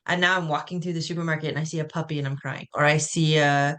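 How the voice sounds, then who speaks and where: Low-voiced young mom chatting candidly. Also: female voice, steady tone, fast talker, a bit bright. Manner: candid, chatty, self-deprecating. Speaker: panel guest, new mother and athlete. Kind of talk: casual webinar discussion.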